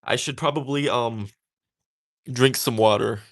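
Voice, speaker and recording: A man's voice: mid-range voice, measured pace. Chatty young man, casual and defiant. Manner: chatty and defiant, with many fillers. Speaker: tatting creator. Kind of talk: casual talk while crafting.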